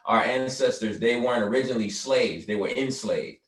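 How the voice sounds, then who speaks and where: A man from the South Carolina Lowcountry, a guest in an interview, explaining his work earnestly and often saying "you know". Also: brisk, roomy sound, distant mic. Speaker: guest, artist and cultural foundation founder. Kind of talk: conversational interview.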